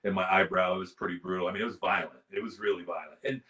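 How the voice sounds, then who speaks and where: A man in his fifties telling a wild story in casual chat on a video call, animated and excitable. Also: low-pitched, rapid-fire, lo-fi sound. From California. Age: 50s. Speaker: guest musician.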